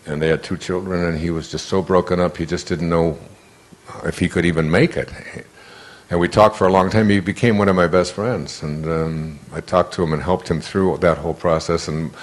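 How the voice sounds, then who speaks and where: A man's voice: low-pitched, fairly even intonation, moderate pace. Older man telling stories in a lecture. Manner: conversational, repeats and restarts words. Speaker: motivational speaker. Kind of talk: storytelling lecture.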